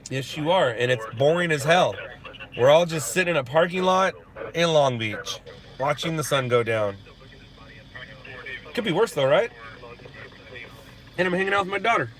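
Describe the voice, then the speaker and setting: Bright-voiced laid-back man chatting live. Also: a little high, animated, moderate pace, pauses often. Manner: laid-back, joking, answering chat questions. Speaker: live-stream host. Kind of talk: casual live-stream chat reading viewer comments. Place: parked in a parking lot at sunset.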